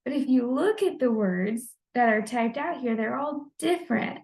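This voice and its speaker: Brief: young female student, slightly high voice, friendly and explanatory, informal lesson read. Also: expressive, normal speed, a little mellow, poor audio. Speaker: student presenting a discussion post. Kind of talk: informal lesson on the basics of language.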